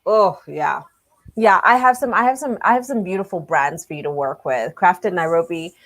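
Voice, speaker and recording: A woman's voice: fairly low pitch, moderate pace, fairly bright tone. Gushing woman hosting a podcast. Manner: effusive, gushing, restarts a lot. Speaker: podcast host. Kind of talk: casual chat.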